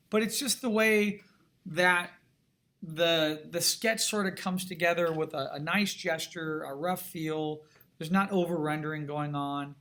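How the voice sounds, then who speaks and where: A man's voice: a little high, bright, forceful tone. A man teaching an art lesson in an enthusiastic, conversational way, often asking his students questions. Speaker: art instructor. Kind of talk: recorded video lesson.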